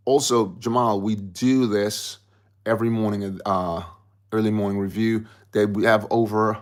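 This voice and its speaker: A man hosting a casual livestream, rambling and chatty as he reads out viewer comments. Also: sits low. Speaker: livestream host.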